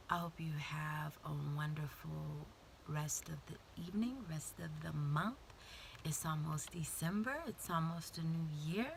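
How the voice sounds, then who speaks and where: A woman giving a casual, heartfelt vlog talk to her viewers, often dropping into soft whispers. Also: sits low, measured pace, gravelly, a little hiss or hum. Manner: warm, intimate, drifts into soft whispers. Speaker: vlogger. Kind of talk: casual motivational talk to camera.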